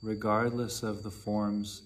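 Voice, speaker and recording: A man teaching meditation in a measured, unhurried dharma talk with long pauses between phrases. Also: on the low side, flat delivery, a little hiss or hum.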